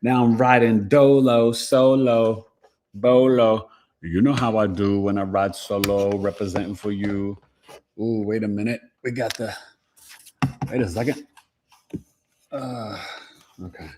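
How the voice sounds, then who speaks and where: Deep-voiced man hosting a casual livestream. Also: fairly even intonation, darkish tone, slight background noise. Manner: playful, slangy, rhyming asides; acts out quick quoted voices. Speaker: astrology livestream host. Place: home.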